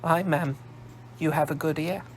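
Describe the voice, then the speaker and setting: A man's voice: fairly high pitch, steady tone, a little slow, slight background noise, lightly acted. A man doing a blunt Glasgow girl posing as a soldier. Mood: blunt, dutiful. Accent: Scottish, Glasgow. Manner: blunt, down-to-earth. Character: plucky young woman disguised as boy soldier.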